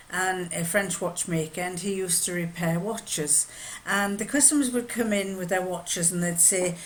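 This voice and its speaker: A woman's voice: on the low side, slight background noise. An older woman from northern England, chatting casually in a rambling, anecdotal sewing vlog. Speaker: sewing vlogger. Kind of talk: casual chat.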